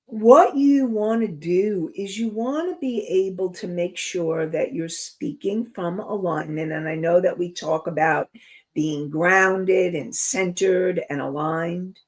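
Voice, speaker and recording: A woman's voice: lowish voice, takes it slowly. A woman hosting a self-help talk show, speaking earnestly and reflectively, addressing her listeners directly. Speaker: host. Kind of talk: inspirational talk show monologue.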